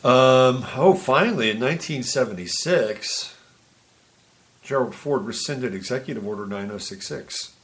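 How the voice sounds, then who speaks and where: A man's voice: mid-range voice, measured pace, fairly bright tone. A man hosting a podcast, casually reading through dates and birthdays, rambling and humming to himself between items. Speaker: podcast host.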